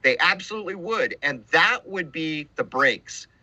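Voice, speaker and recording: A podcast host speaks in a very bright, forceful voice that sits a little high. He argues emphatically, often dropping into mocking quoted lines. The recording is dry and close. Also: animated, moderate pace, no room sound, low-quality recording. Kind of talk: casual conversation.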